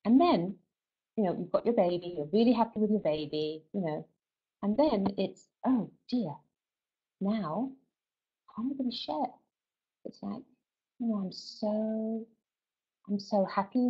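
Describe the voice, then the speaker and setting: A woman's voice: medium pitch, husky, dull audio. A middle-aged woman speaking at a webinar in a chatty, conversational way, often asking "right?" and "you know". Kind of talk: warm conversational talk.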